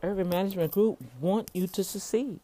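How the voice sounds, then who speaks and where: Middle-aged woman, entrepreneur, preachy casual motivational rant, mid-pitched voice, keeps repeating herself. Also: fairly quick, mellow. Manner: preachy, addresses listeners as y'all; repeats words and restarts often.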